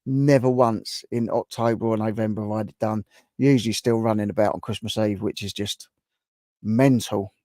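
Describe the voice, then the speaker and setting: A man's voice: fairly low pitch, steady tone, moderate pace, dark tone, dry recording, studio quality. A man hosting a live stream, chatting casually and reacting to viewers' guesses as he reads their comments aloud.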